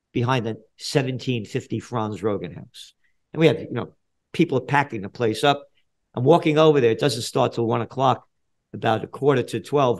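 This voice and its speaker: A man in his seventies from the Bronx with a New York accent, a guest in a podcast interview, talking bluntly and profanely, dropping low then getting loud. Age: 70s. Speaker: guest, trend forecaster.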